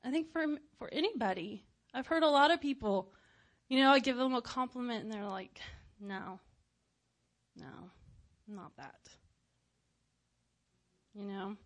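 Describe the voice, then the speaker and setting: A woman preacher chatting casually in a goofy, giggly way, laughing often and sometimes dropping to a hushed aside. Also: high voice, a little fast. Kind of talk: casual personal chat.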